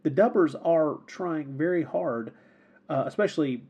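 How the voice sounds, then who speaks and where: Male podcast co-host, husky and mellow, casual rambling film talk. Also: a little high, measured pace, muffled recording. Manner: rambling, repeats words, laughs often.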